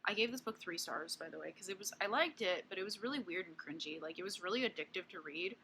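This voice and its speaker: A woman's voice: lowish voice, lively intonation, fast, bright, forceful tone, a little hiss or hum. A woman in her twenties giving a casual book review vlog, blunt and candid, swearing freely and peppering her talk with fillers. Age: 20s.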